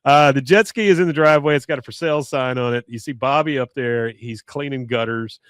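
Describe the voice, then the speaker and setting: A man's voice: medium pitch, fairly quick, clear, resonant tone, no room sound, clean studio sound. A man on a podcast casually recapping an episode, quoting characters and laughing as he goes. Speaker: podcast co-host.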